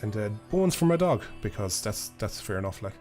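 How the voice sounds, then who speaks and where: A man's voice: fairly low pitch, sing-song, a little fast, a little mellow, faint music behind. A young Irish man chatting casually on a live stream, rambling, laughing and swearing offhandedly into a desk microphone.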